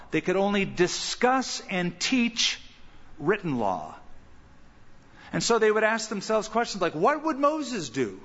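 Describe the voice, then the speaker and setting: A male pastor preaching a sermon with lively delivery, acting out the lines he quotes. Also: a little high. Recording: muffled sound with long hall reverb.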